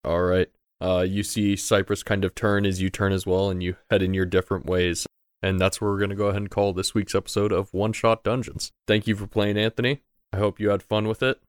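Young man, game master, low pitch, smooth voice, dry close sound, casual narration. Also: level tone, fairly quick, dry recording. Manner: casual, loose narration with filler words.

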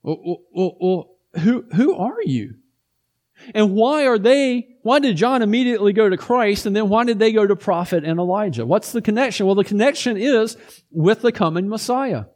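A man preaching a sermon in a conversational, storytelling way, with lively asides to his listeners. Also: high voice, fairly quick.

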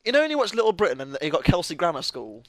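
A man co-hosting a casual podcast, excitable and quick to laugh, often stammering over his words. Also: on the high side, crowd noise. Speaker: podcast co-host. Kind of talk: casual chat.

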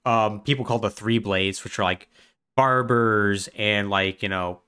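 A man co-hosting a podcast, retelling a game's story in animated, casual chat full of "like". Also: fairly low pitch, unhurried, smooth. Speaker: podcast co-host.

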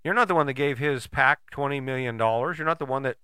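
Male host, bright lively delivery, dry close sound; rambling, rhetorical, casual. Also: mid-range voice, fairly quick, hardly any pauses, clean tone, no room sound. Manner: rambling, conversational, rhetorical questions; mild swearing. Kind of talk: casual motivational monologue.

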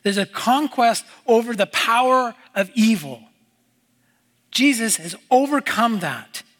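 A male pastor with a high voice preaches in an unhurried, measured way. He repeats phrases earnestly and lets his voice sink at the ends of lines. A long reverb from the church hall trails every word. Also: animated, fairly bright tone. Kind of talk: sermon.

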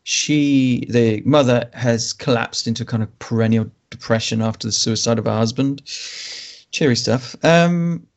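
Male podcast co-host, measured and wry, talks through film plots. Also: medium pitch. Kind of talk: casual film chat and plot summary.

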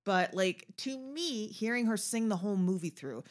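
Woman, podcast co-host, opinionated film talk, sardonic, very animated pitch. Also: normal speed. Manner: opinionated, sardonic, knows opera singing. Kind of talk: casual chat recapping a film.

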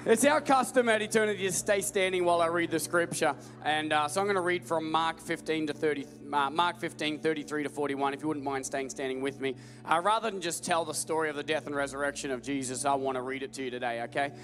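A young man from the American South with a Southern accent, preaching a lively call-and-response sermon to a church crowd. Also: fairly high pitch, fast. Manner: energetic call-and-response preaching, rising to loud emphatic repetition. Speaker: pastor. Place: large church hall with live audience. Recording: echoey church hall with faint music.

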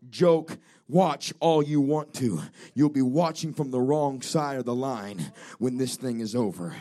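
A man's voice: mid-range voice, a little mellow. A man preaching a fervent, declamatory revival sermon as a traveling evangelist in a church. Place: church during a revival service.

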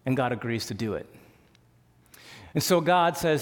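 Animated male pastor preaching in a reverberant hall. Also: mid-range voice, normal speed. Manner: conversational, animated preaching with restarts. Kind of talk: sermon.

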